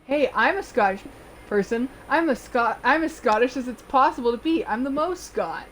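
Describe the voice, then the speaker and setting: A woman voicing a boastful, not very bright male werewolf jock, boisterous and indignant. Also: high-pitched, expressive, moderate pace, a little hiss or hum, voice pushed up.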